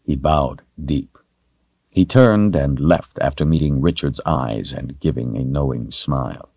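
A man narrating a fantasy novel in a slow, deliberate, dramatic way. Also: a bass voice, creaky, dry recording, lo-fi sound. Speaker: audiobook narrator.

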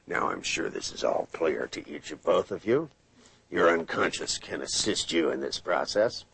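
A man running a live hypnosis seminar, playful and storytelling, sinking into a slow hypnotic tone when he demos trance suggestions. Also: lowish voice, slightly rough, no echo, rough recording. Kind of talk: live seminar teaching with anecdotes. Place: seminar room with live audience.

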